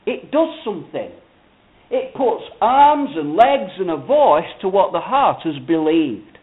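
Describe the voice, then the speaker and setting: A man's voice: sits high, very animated, unhurried. A man preaching a sermon with emphatic, rising and falling cadence. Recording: phone-like narrow band.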